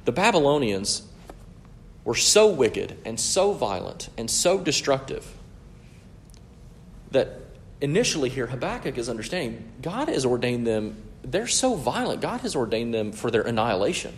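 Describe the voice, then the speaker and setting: A man's voice: medium pitch, sing-song, moderate pace, a little hiss or hum. A man preaching a sermon in an earnest, teaching way, often checking in with his listeners. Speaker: pastor.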